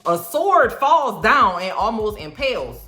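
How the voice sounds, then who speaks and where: A woman's voice: mid-range voice, reverberant, faint music behind. A woman, chatting casually and animatedly through a TV episode recap. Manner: chatty, animated, quick asides. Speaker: TV recap vlogger.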